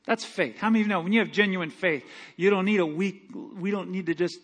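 A middle-aged male pastor preaching a sermon in a folksy, animated way, dropping to quiet asides and rising to loud climaxes. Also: high voice, quick pace. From Michigan. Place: church sanctuary.

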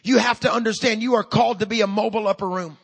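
A man in his fifties, a pastor preaching a sermon with energy and humor, building up to loud calls to his church. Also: sits high, steady tone, racing, vocal fry, husky.

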